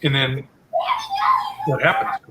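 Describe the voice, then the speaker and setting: A man's voice: mid-range voice, wildly swooping pitch, slow, heavy background noise. A man leading a casual group Bible study, explaining scripture conversationally with asides.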